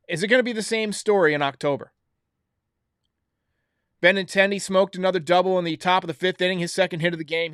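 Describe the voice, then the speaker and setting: A man's voice: sits high, fairly bright tone, smooth, no echo, studio quality. A man hosting a baseball recap show, giving blunt, opinionated commentary straight to his viewers. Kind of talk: solo sports recap commentary.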